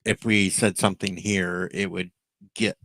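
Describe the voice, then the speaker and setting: A man's voice: low-pitched, little pitch movement, a little slow, a bit bright, no echo, poor audio. A man co-hosting a live stream, chatting casually and stammering as he talks. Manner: hesitant, stammering. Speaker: stream co-host. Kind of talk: casual livestream chat.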